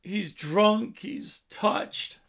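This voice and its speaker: Male preacher, high and gravelly, dynamic sermon delivery. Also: extremely slow, fairly bright tone. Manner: storytelling preaching, swells and drops in volume.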